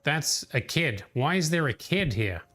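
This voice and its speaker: A man's voice: on the high side, very animated, unhurried, fairly bright tone, faint music behind. A man casually thinking aloud as he plays through a game on a livestream. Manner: chatty, thinking aloud while playing. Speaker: streamer. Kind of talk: casual gameplay commentary.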